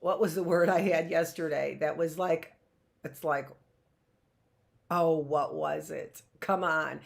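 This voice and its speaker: A middle-aged woman teaching an early reading lesson, chatty and direct, sounding out words slowly. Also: sits low, fairly even intonation, vocal fry. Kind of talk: online classroom lesson.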